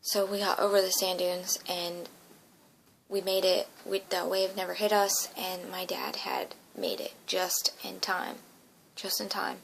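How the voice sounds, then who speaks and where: A woman's voice: medium pitch, flat delivery, unhurried, gravelly, a bit bright, a little hiss or hum, poor audio. A woman earnestly recounting a dream as a personal testimony, emotional and often dropping into a whisper.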